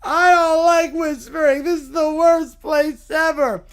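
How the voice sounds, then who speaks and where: A grumpy little cartoon bear cub, put on by a man, complains about everything in a raised, whiny voice. He stretches his words out slowly and tips into near-shouting whenever something annoys him. The tone stays cranky and put-upon from start to finish. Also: very high-pitched, steady tone, voice pushed up, exaggerated voice. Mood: whiny complaining. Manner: drawn-out, loud, near-shouted protests.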